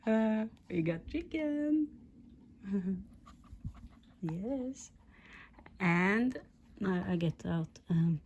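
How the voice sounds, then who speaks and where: Woman, unhurried talk, affectionate and giggly, casual home vlog, faint background noise. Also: medium pitch, expressive. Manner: giggly, affectionate, slow-spoken. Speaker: pet owner vlogger.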